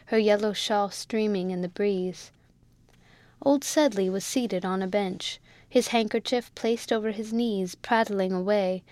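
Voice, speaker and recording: Measured woman narrating a classic novel. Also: mid-range voice, darkish tone, dry recording. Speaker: audiobook narrator. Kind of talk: scripted narration.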